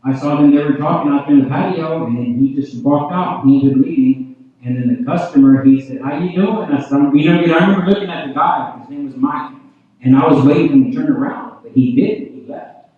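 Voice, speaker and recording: A man rushing through his revival testimony and turning to the congregation again and again. His voice sits mid-range and comes through thin and tinny, as if over a phone line. It booms back from a big reverberant hall, picked up from well away from the microphone. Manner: addresses the crowd often, repeats "you know what I mean?". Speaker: preacher giving testimony. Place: large church hall. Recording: tinny, very echoey hall from far off.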